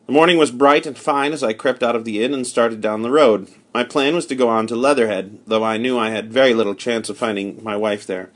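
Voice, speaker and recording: A man giving a measured, steady first-person narration of a story. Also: mid-range voice. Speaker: audiobook narrator.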